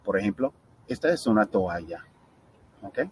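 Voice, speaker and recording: A middle-aged man with a fairly low voice gives a casual Spanish pronunciation lesson, sliding easily between Spanish and English. He keeps checking in with the learner as he goes. A faint room ambience sits under his voice. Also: expressive, normal speed, a little hiss or hum, poor audio. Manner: chatty, mixes Spanish and English, frequent "right?" check-ins. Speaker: Spanish teacher.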